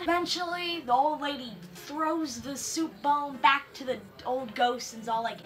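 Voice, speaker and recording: A young woman giving a sarcastic, animated comedic commentary on a book of stories, with mock outrage. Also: high-pitched, a little slow, few pauses. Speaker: book reviewer. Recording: faint music underneath.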